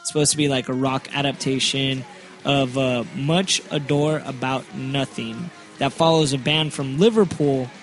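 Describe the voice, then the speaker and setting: A man hosting a casual podcast, rambling through his stories with enthusiasm and plenty of stumbles. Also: medium pitch. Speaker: podcast host. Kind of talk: casual chat.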